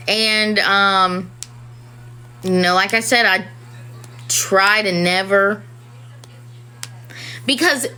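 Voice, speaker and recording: A woman's voice: on the low side, pushed and bright, poor audio. A woman, a mother of four, talking candidly and ramblingly in a casual personal talk to camera. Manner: candid and rambling, many "you know"s.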